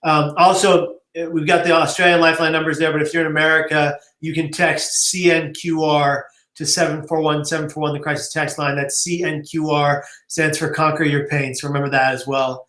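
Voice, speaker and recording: A man, guest on a live-streamed interview, telling his story in an emotional, animated way. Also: fairly high pitch, fairly quick, hardly any pauses, reverberant. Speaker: guest, suicide prevention advocate.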